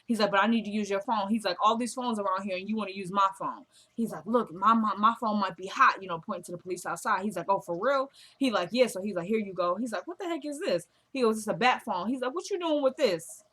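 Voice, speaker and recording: A woman casually recapping a TV drama episode, retelling scenes as quoted dialogue with a chatty, animated delivery. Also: mid-range voice. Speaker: show recap vlogger.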